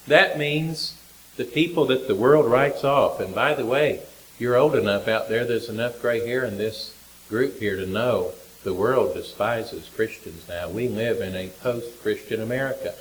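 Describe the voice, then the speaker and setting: A man's voice: medium pitch, unhurried, low-quality recording. An older man, a country doctor giving a folksy, self-deprecating sermon with wry humor. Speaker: lay preacher, country doctor.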